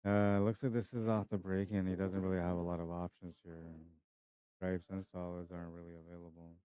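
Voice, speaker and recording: A man's voice: sits low, level tone, brisk, warm tone, clear, resonant tone. A young man giving casual live-stream commentary on a pool match, chatty and laughing as he greets viewers by name. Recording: dry, slightly dull stream audio.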